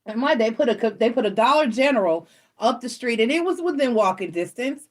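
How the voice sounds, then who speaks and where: A woman's voice: on the high side, brisk. A middle-aged woman hosting a casual chat from home, telling stories bluntly and acting out the voices of the people in them. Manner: animated, blunt, swears casually, acts out quoted voices. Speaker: tarot reader and channel host.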